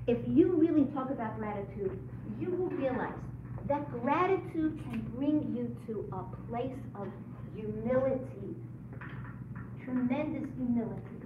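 A woman's voice: a little high, animated, unhurried, noisy background. Woman leading a faith class, earnest, questions to the group; lo-fi, echoey, mic far off. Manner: earnest, asks the room questions. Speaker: teacher leading a women's study group. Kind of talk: religious class talk. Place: room with a group. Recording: echoey lo-fi room recording from far off.

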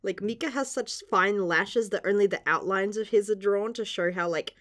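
A woman's voice: mid-range voice, normal speed, a bit bright. A young woman reacting casually to a manga chapter, gushing and giggling, with casual swearing. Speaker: manga reviewer.

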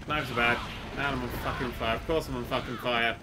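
A man giving sweary, excitable commentary while playing a video game, often jumping to shouts. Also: medium pitch, quick pace. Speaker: let's play host. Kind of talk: gameplay commentary. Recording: game noise behind the voice. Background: gunfire and game sounds.

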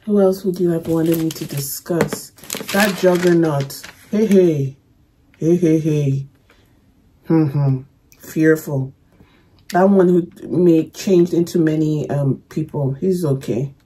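A young woman casually talking through her reaction to a movie, emotional and soft-spoken, fond with her viewers. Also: sits low, a little slow, breathy edge, low-quality recording.

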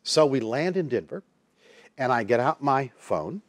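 A man tells a personal story in a studio interview, his voice at an ordinary middle pitch. He is lively and expressive, slipping into the voices of the people he quotes. The sound is dry and close, with no room echo. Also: unhurried. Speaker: Christian counselor and minister, guest.

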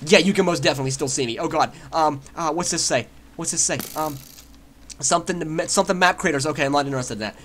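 A young man giving excited gameplay commentary, trash-talking opponents and laughing at his own confusion. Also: on the high side, fast, slight background noise. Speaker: gaming YouTuber.

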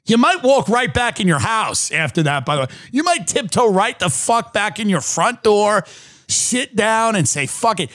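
A man's voice: sits high, very animated, normal speed, pushed and bright, no room sound, clean studio sound. A man in his thirties, a podcast host from the United States, ranting sardonically in a comedic monologue. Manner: sardonic ranting, mocking voices.

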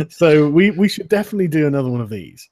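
A man's voice: a little high, darkish tone, no room sound. A man hosting a casual livestream chat, joking loosely, laughing and swearing. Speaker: host.

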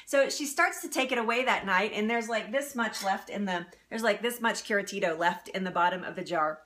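A woman's voice: mid-range voice, brisk, fairly bright tone. A woman hosting a live cooking stream, chatting casually, laughing often and answering viewer comments. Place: home kitchen.

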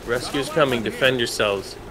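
A man giving casual co-op game commentary, excitable and prone to yelps and shouts. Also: mid-range voice, moderate pace. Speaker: gamer.

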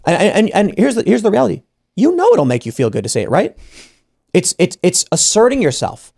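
A man with a high, sing-song voice talks briskly, with vocal fry, a slightly mellow tone, and a breathy edge. As a podcast host in a studio panel, he argues his opinion, keeps restarting sentences, and acts out people he quotes.

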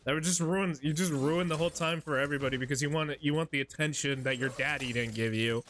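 A man's voice: on the high side, fast talker, few pauses, a bit bright, a little hiss or hum. A man streaming a video game, ranting and mocking in profane casual commentary.

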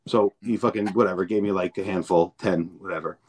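A man's voice: sits low, fairly even intonation, fairly quick, a little mellow, breathy edge. A man, a podcast guest, telling stories in a rambling, profane way and repeating words as he acts out each scene. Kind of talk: casual storytelling chat.

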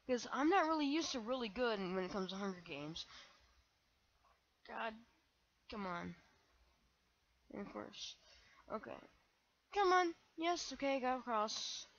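A young woman commenting on her own gameplay, excitable and self-mocking, breaking into shrieks when panicked. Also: a little high, a little slow, long pauses, dull audio, slight background noise. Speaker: gaming channel host.

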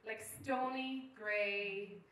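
A woman's voice: medium pitch, steady tone, very slow, a bit bright, reverberant, distant mic, rough recording. A woman from Ireland with an Irish accent, doing rambling, self-deprecating stand-up with lots of filler words. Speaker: stand-up comedian. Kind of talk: stand-up storytelling with crowd work. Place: live venue with an audience.

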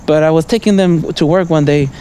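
A man's voice: fairly high pitch, a little fast, warm tone, a little hiss or hum. A man vlogging a rambling, casual stream-of-thought monologue, outdoors on a city street at night, constantly asking "right?" and "you know?" and chuckling between thoughts.

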